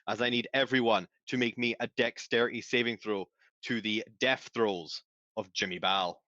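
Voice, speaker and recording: A man's voice: medium pitch, fairly even intonation, normal speed, sharp tone, no room sound, muffled recording. A man narrating as game master in a tabletop game over voice chat, stretching out dramatic moments with many fillers.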